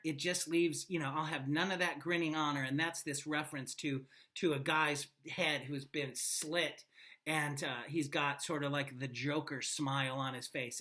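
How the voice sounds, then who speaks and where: A woman teacher giving a classroom lecture on a play, talking emphatically and animatedly with quiet asides. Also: deep voice.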